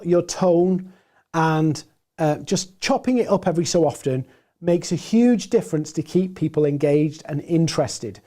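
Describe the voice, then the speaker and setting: A man with a gruff, hoarse voice presenting a live webinar, animated and deliberate, moving between loud points and quiet pauses. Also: on the high side. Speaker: webinar presenter and sales trainer.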